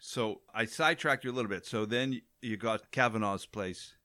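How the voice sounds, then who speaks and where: Bright-voiced man hosting an interview. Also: lowish voice, moderate pace. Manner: short, easygoing reactions and questions. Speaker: podcast host. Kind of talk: casual interview.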